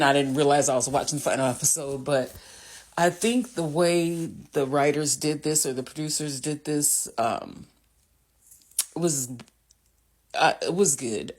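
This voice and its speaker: A casual vlogger walks through a TV episode scene by scene, stopping for fillers and self-corrections. The voice sits in a middle register, and the speaker reacts openly to the scenes as they retell them. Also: mid-range voice. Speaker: TV recap vlogger.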